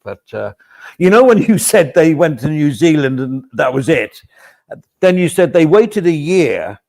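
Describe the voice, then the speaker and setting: A man's voice: a little high, very animated, unhurried, vocal fry, darkish tone. A man co-hosting a podcast, talking in a rambling, chatty way with casual swearing. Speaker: podcast co-host. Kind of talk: casual chat.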